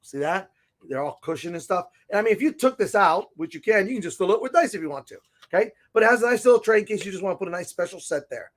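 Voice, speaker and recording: Excitable high-voiced man showing off gear. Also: fast. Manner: chatty and excitable, full of asides. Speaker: host of a tabletop gaming segment. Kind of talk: casual product showcase. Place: inside a comic and game store.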